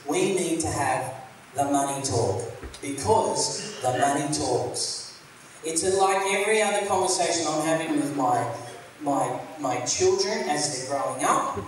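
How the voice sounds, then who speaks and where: A man's voice: a little high, expressive, unhurried. Guy pastor rambling thru a sermon, lots of ums, sounds far off in a big echoey hall. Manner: rambling, conversational, many fillers and restarts. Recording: echoey room, mic at a distance, faint hiss.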